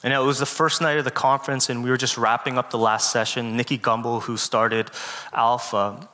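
A man giving a guest sermon, telling a personal story in an earnest, halting way with many fillers, close to tears. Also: medium pitch, flat delivery. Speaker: guest speaker. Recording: long hall reverb with loud music.

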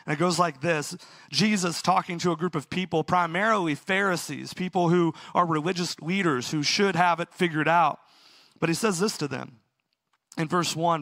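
A pastor giving a sermon, telling a story earnestly and sometimes laughing at himself. His voice sits a little high for a man and has a gravelly edge. The sound is dry and close. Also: normal speed, pushed and bright, no echo.

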